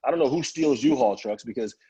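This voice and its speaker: A man from Chicago, a guest speaker telling a personal story in an animated way and acting out the voices of the people in it. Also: mid-range voice, fast talker, slightly rough, rough recording. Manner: animated, acts out quoted voices of family and friends.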